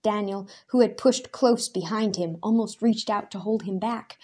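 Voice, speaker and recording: Mellow-voiced woman reading a story aloud. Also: medium pitch, moderate pace, few pauses, husky. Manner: steady and expressive, with vivid character voices. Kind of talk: storybook narration.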